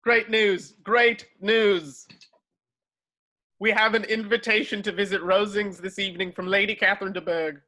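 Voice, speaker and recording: A man's voice: sits high, little pitch movement, moderate pace, bright, forceful tone. A man reading the part of a pompous, fawning clergyman in an amateur script reading. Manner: pompous, fussy.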